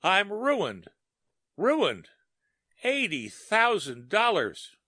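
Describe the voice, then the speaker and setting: A man voicing a ruined, stunned middle-aged traveler with a harsh, croaking, lifeless voice, speaking dully and slowly. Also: sits high, huge pitch swings, sharp tone, no room sound, clean studio sound, voice pushed up, full character voice. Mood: frantic. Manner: despairing, dull and slow.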